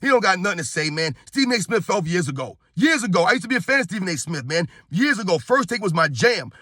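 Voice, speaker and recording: A man's voice: high voice, big pitch swings, fast talker, pushed and bright, no room sound, clean studio sound. A man from New York in his thirties, ranting heatedly and bluntly in sports commentary, repeating himself and calling his viewers guys.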